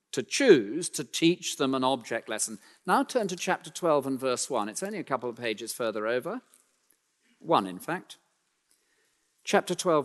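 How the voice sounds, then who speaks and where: A man preaching a sermon, speaking emphatically and slowing down to read scripture aloud, in a church. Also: fairly high pitch. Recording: long hall reverb.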